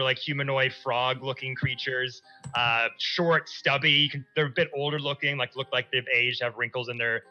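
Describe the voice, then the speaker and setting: A man narrating as game master of a tabletop game, loose and excited in his scene descriptions. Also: mid-range voice, highs cut off.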